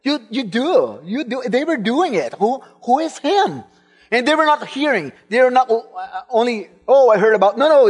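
A Brazilian man who is not an English speaker preaches a sermon in a high, husky voice. He tells his own story as personal testimony, building to fervent emphasis.

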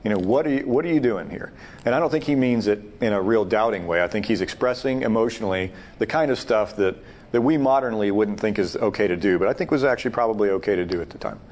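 A man's voice: lowish voice, fast talker, darkish tone. A man leading a Bible study discussion, talking emphatically and thinking aloud with frequent restarts. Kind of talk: teaching discussion.

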